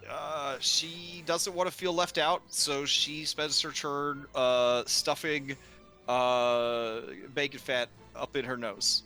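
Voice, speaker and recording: Narrating a tabletop session at an unhurried pace, this game master has a bright, clear voice on the high side. Faint music runs beneath his rambling delivery, which is full of pauses, hesitant fillers, and laughter.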